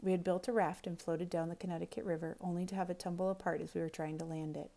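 A woman teacher reading a novel aloud, expressive, quiet and intense. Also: on the low side, fast talker, vocal fry.

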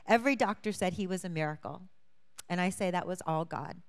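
A woman's voice: fairly low pitch, fairly quick, creaky. A young adult woman from Hawaii, a lawmaker, telling her testimony to a congregation with earnest storytelling and acted-out quotes. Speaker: church guest speaker, state lawmaker.

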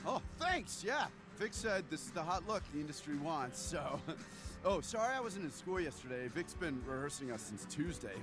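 An actor playing an earnest, soft-spoken teenage boy musician who hesitates and stammers. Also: on the high side, big pitch swings, normal speed, music in the background.

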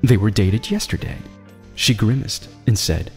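A man reads a dramatic story aloud with a lively, rising and falling voice and a measured storytelling delivery. A long reverb hangs on his words, and faint music plays underneath. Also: lowish voice, vocal fry. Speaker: narrator. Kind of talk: scripted story narration.

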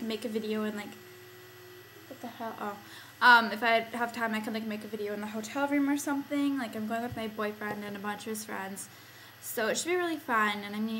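A young woman from Canada talks casually to her camera at home, her voice sitting a little high. She rambles freely, leaning on fillers and loose asides. A faint hum of room ambience sits under the camera-mic sound. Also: a bit bright, poor audio. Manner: rambling, filler-heavy, lots of "like" and "um". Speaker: vlogger. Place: home, indoors, by a Christmas tree.

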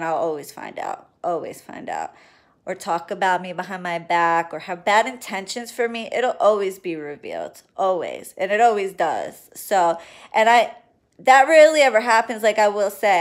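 A woman doing readings and spell work, chatting casually and affectionately to her viewers on a livestream, swearing now and then. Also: medium pitch. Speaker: spiritual reader and spell worker.

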